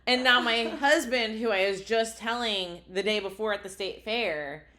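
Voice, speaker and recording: A woman's voice: mid-range voice, moderate pace, sharp tone. A woman co-hosting a casual podcast chat, animatedly telling a story and laughing at herself. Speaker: podcast co-host.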